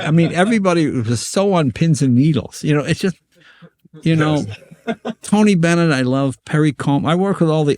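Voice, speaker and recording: An older man, a comedian guest on a podcast, telling show business stories and acting out voices, with quick stammering restarts. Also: medium pitch, darkish tone, no echo. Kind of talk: anecdotal storytelling on a podcast.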